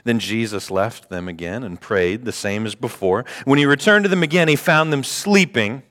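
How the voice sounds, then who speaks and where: A man delivers a sermon from a pulpit, mixing scripture reading with animated, playful mock dialogue. His mid-pitched voice rings with a long hall reverb. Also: moderate pace. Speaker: pastor.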